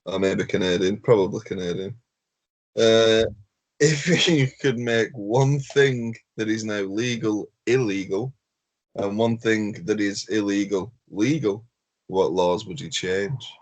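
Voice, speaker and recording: A man with a slightly low voice co-hosts a casual podcast chat. He talks in a laid-back way, drops the odd swear word and laughs easily. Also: slow. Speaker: podcast co-host.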